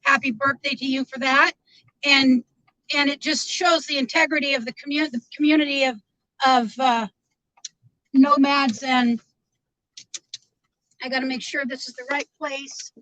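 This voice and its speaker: A woman's voice: high-pitched, steady tone, unhurried, long pauses, sharp tone, no room sound, rough recording. A woman rambling in casual live-stream chat from inside her car, greeting viewers by name.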